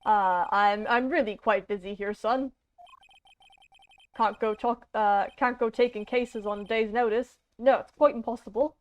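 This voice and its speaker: A woman's voice: fairly high pitch, expressive, unhurried, long pauses. A woman voicing a pompous older male law-firm boss in a strained, odd drawl, with dull lo-fi audio. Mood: dismissive. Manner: blustery, self-important, strained odd drawl.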